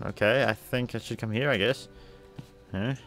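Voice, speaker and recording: A man's voice: medium pitch, moderate pace. A man giving casual, chatty commentary while playing a video game, muttering his reactions. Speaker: gameplay streamer. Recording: faint game music behind.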